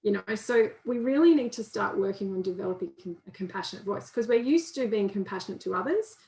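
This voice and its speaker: A woman's voice: mid-range voice, lively intonation, quick pace. Woman counsellor in a roomy echo. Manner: warm, conversational, acts out inner voices in quotes. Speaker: counsellor and guest speaker. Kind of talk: informal training talk.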